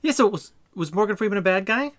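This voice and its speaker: Young male co-host, slightly high bright voice, lively jokey asides. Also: quick pace. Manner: questioning, joking asides. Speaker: podcast co-host. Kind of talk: casual movie review chat.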